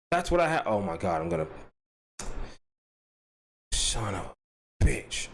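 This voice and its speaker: Animated, profane man doing commentary. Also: normal speed, gravelly, pauses often. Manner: loud and animated, pitch jumping up high; profane, mock-threatening. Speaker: commentary channel host. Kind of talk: unscripted commentary.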